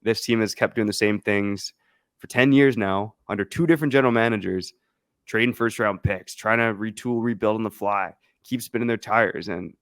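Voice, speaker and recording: A man with a low, gravelly voice, co-hosting a podcast in relaxed chat. He explains his points in a measured way, with plenty of fillers. The recording is dry and close. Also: dry recording. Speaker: podcast co-host. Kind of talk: casual sports podcast chat.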